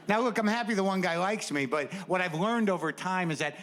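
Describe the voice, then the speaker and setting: A man's voice: high-pitched, animated, fast talker, hardly any pauses, background noise. A stand-up comedian in his sixties doing a neurotic, self-deprecating routine on stage, full of stammered restarts. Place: comedy stage before a live audience.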